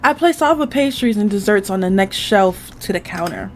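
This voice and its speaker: A woman's voice: mid-range voice, animated, moderate pace, soft background music. A woman hosting a gaming channel, reading a dating game aloud in the first person, with casual asides.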